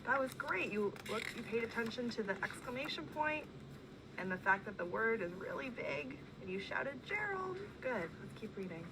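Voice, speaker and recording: A woman's voice: a little high, normal speed, noisy background. A woman teacher in a one-on-one reading conference with a child, patient and encouraging, prompting with questions.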